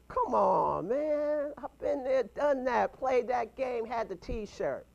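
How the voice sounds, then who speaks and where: A man in his fifties giving an animated, punchy motivational talk to a mastermind group, chuckling between points. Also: very high voice, takes it slowly, vocal fry. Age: 50s.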